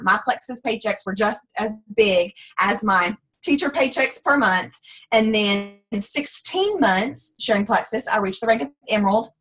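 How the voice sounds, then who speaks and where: A woman in her late twenties, a former teacher telling her story in a bubbly, chatty, animated way. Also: a little high, breathy edge, low-quality recording. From Texas. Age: 20s. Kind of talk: casual testimonial talk.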